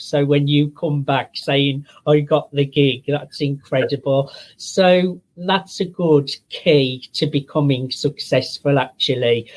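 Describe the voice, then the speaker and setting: A man hosting an interview, asking questions in a measured, encouraging way. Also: mid-range voice, low-quality recording. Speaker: interviewer, host.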